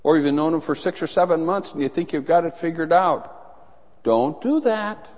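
A man's voice: fairly high pitch, moderate pace. A middle-aged man preaching a sermon as a pastor, telling stories and acting out voices. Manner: animated storytelling, acts out voices in anecdotes. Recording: long reverb in a large hall.

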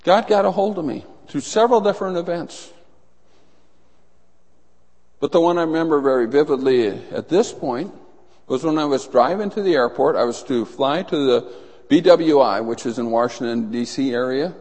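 A man's voice: a little high, normal speed. A middle-aged man preaching a sermon as a pastor, telling stories and acting out voices. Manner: animated storytelling, acts out voices in anecdotes. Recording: long reverb in a large hall.

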